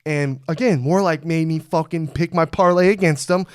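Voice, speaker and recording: A man hosting a casual podcast chat, animated and profane, loudly acting out what others said. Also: on the high side, normal speed, clear, resonant tone, no room sound, clean studio sound. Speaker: podcast host.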